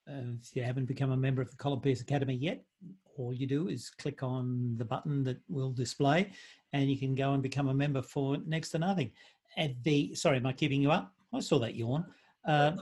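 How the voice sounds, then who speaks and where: A man's voice: mid-range voice, a little mellow, breathy edge. A man hosting a podcast, chatting in a jokey, easygoing way with his guest. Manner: jokey, chatty, laughs easily. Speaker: podcast host. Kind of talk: casual interview chat.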